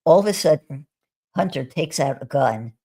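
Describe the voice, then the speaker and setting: A woman speaks in a low, slightly husky voice, recounting her experiences as a guest on a live video call. She talks in a relaxed, conversational way, often restarting her sentences and laughing softly. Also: moderate pace. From United States. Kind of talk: conversational storytelling on a live stream.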